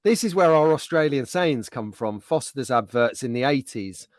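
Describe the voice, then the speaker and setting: A man's voice: medium pitch, lively intonation, normal speed, no echo, studio quality. A middle-aged man hosting a casual livestream, chatting and bantering in an upbeat way. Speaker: livestream host. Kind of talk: casual chat.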